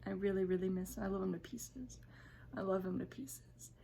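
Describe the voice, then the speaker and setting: A woman vlogging casually from her home kitchen, chatty and emotional, sometimes dropping to a soft whisper. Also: medium pitch, moderate pace, gravelly, a little hiss or hum. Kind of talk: casual home vlog chat.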